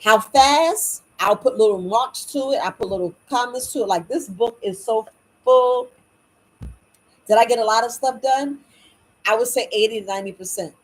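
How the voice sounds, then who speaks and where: A woman's voice: a little high, normal speed, slight background noise, poor audio. A middle-aged woman and business owner giving casual, candid advice, often acting out her own inner talk and laughing at herself. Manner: chatty, candid, slips into acted-out self-talk with laughs.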